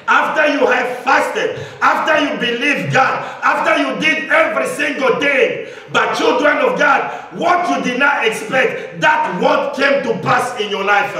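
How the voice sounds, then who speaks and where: High-voiced, shouting preacher in an echoey hall. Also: male voice, far from the mic. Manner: preaching with frequent hallelujahs, often shouting. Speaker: pastor. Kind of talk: sermon. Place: church hall.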